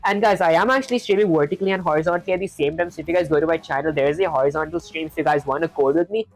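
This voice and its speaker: A woman's voice: deep voice, very fast, gravelly, low-quality recording. A woman streaming herself coding, talking through each step and chatting with viewers in a loose, filler-heavy way.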